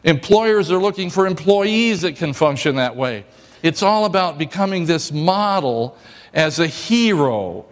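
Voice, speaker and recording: A male pastor giving a sermon in a church, joking and telling stories in a lively way. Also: on the high side, unhurried, in a large hall.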